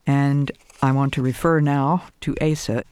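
An older woman giving a devotional talk, telling a personal story and reciting names of God in an earnest, measured way. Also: rumbling low, fairly even intonation, darkish tone, smooth, dry recording. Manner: earnest, measured, lists scripture names slowly. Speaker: Christian speaker.

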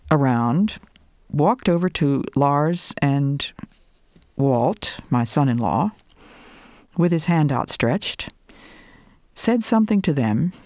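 An older woman giving a devotional talk, telling a personal story and reciting names of God in an earnest, measured way. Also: deep voice, a little mellow, no echo, clean studio sound. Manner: earnest, measured, lists scripture names slowly. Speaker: Christian speaker.

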